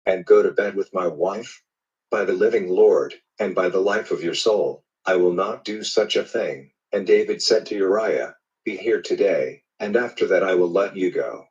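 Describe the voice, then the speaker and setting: A man reading a Bible passage aloud in a steady, measured storytelling manner. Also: low voice, far from the mic, highs cut off. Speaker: Bible reader. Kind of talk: scripted scripture reading.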